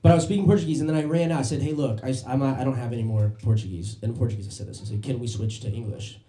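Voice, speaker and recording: Male stand-up comic on a club stage, lively storyteller who does voices, mellow tone. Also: mid-range voice, rapid-fire, reverberant. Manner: animated storytelling with voiced impressions. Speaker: stand-up comedian. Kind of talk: stand-up comedy set.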